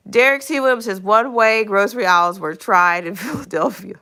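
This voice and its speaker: A woman's voice: medium pitch, fairly quick, bright, forceful tone. A woman in her fifties hosting a casual live stream, reading viewer comments aloud, chuckling often and repeating phrases for emphasis. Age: 50s.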